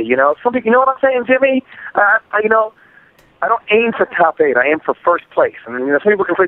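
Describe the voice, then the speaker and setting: A man's voice: sits high, sing-song, fairly quick, dry recording. A man in a casual gaming podcast chat, heated and ranting about a fighting game. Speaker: podcast guest. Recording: tinny phone-like line.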